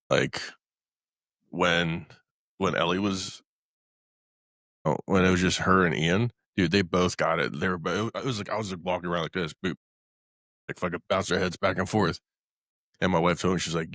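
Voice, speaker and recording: A man's voice: sits low, fairly even intonation, brisk, a bit bright, no echo, studio quality. A man hosting a podcast, talking bluntly and rambling, with frequent swearing. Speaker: podcast host. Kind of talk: casual podcast chat.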